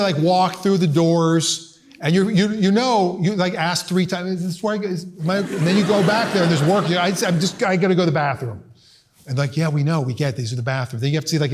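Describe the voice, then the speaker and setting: Male stand-up comic on stage, somewhat high voice, lively storyteller, live room with audience noise. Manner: animated storytelling with voiced asides and squawks. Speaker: stand-up comedian. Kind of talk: stand-up comedy set. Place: live comedy venue with audience.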